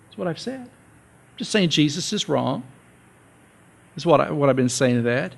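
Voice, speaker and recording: A male pastor giving a relaxed, conversational sermon, joking with his congregation and repeating his key points. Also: fairly high pitch, moderate pace, gravelly. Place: church sanctuary.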